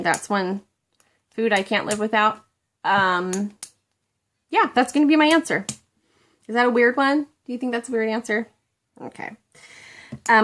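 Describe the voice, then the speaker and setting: A woman's voice: medium pitch, fairly bright tone, a little hiss or hum. A middle-aged woman chatting casually to the camera at home, rambling and a little self-deprecating. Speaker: beauty vlogger.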